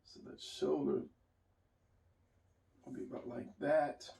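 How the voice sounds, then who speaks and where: A man's voice: fairly high pitch, fairly even intonation, takes it slowly, gravelly, warm tone. A man giving a casual drawing lesson, rambling and restarting as he draws and talks it through. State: hiccuping. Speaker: drawing teacher. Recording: roomy, mic at a distance.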